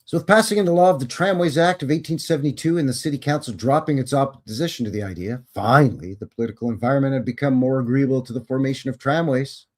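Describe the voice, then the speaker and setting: A man's voice: mid-range voice, fast talker, hardly any pauses. A man hosting a live show. He reads history aloud and breaks off for sarcastic, chatty ad-libs, often correcting himself. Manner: wry, sarcastic ad-libs between read passages. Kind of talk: reading history aloud with casual asides.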